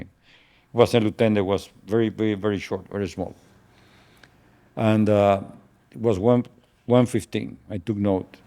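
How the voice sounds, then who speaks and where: Older man telling a solemn story haltingly. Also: on the low side, warm tone. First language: Spanish. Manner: halting, repeats words, slow and solemn. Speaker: interview guest recounting past operations. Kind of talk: first-person storytelling.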